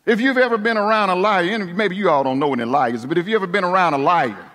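Pastor, male, high voice, preaching with sweeping shifts from hushed to emphatic, long hall reverb. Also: quick pace. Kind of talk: sermon.

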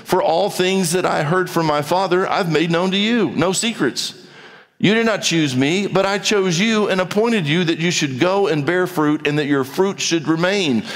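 Pastor preaching in a reverberant hall. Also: male voice, high-pitched. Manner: conversational preaching, acting out dialogues with rising emphasis. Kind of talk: sermon.

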